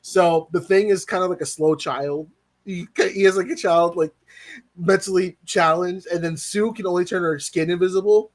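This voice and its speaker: A man with a high voice chats casually on a livestream, animated and quick to laugh. He swears freely and acts out quotes as he talks. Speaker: co-host of a movie review livestream. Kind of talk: casual chat.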